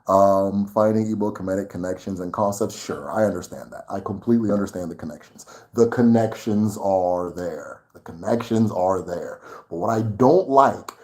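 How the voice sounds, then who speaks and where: A man's voice: deep voice, moderate pace, hardly any pauses, dark tone. A man hosting his own channel, talking casually and getting worked up, laughing often as he rants to viewers. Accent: Nigerian English. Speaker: channel host. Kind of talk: casual livestream chat.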